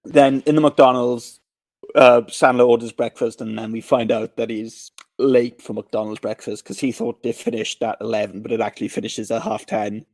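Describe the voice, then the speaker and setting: A man, mid-range in pitch, walks through a film scene by scene in relaxed podcast chat. He jumps into quick impressions of the characters as he goes. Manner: animated retelling, acting out scenes in quick voices. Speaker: podcast co-host. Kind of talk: casual movie recap chat.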